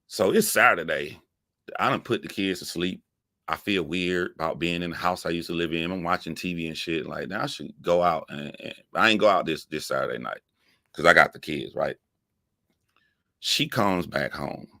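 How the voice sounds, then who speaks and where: A man telling a profane comic story, animated and laughing, jumping up in pitch for emphasis. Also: normal speed, vocal fry, no echo, clean studio sound. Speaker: comedic storyteller.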